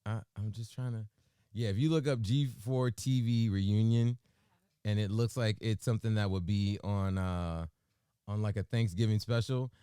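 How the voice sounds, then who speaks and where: A man co-hosting a morning radio show, bantering and joking with an animated, emphatic delivery in a studio. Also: on the low side, moderate pace, smooth, no room sound.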